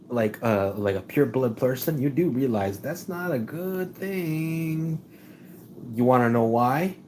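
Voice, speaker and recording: A man hosting a live stream, talking off the cuff in a rambling way, with frequent restarts, and repeatedly calling out to his viewers as ladies and gentlemen. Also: fairly low pitch, a little hiss or hum. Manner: rambling, with many restarts and stumbles; keeps addressing the audience as "ladies and gentlemen". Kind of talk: casual opinion monologue.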